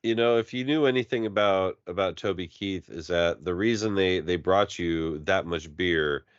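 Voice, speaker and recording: A man's voice: low-pitched, clear, resonant tone, dry recording. A man co-hosting a podcast in casual chat, cracking jokes and playing with words. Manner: joking wordplay, drawn-out delivery. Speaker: podcast co-host. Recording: dry, dull lo-fi recording.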